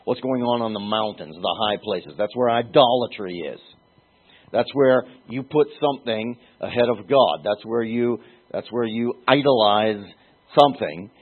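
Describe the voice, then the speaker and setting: A man's voice: mid-range voice, moderate pace, breathy edge. A man teaching a Bible passage in a conversational sermon, musing aloud and asking his listeners questions. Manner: musing, asks listeners questions, restarts phrases. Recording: tinny phone-like sound.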